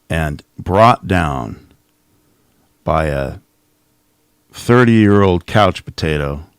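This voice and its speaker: Deep gravelly man mocking clips. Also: dry recording, clean studio sound. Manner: mocking, sarcastic, thinks aloud with restarts. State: coughing. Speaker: host reacting to clips. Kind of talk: casual commentary.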